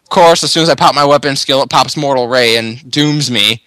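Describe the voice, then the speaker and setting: A man's voice: a little high, steady tone, a little fast, fairly bright tone, no room sound. A man hosting a casual podcast chat after a few drinks, loose and rambling. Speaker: podcast host.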